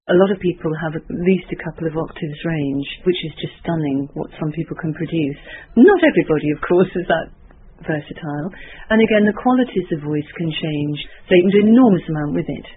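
A man's voice: a little high, brisk. A man commenting enthusiastically on voice range as an interview guest. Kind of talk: explanatory interview. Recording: tinny lo-fi line with faint noise.

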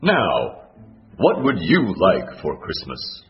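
A man voicing a jolly old Santa with a loud, hearty way of calling out. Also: low-pitched, wildly swooping pitch, takes it slowly, voice pushed down, exaggerated voice. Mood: kindly. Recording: dull lo-fi recording, faint music.

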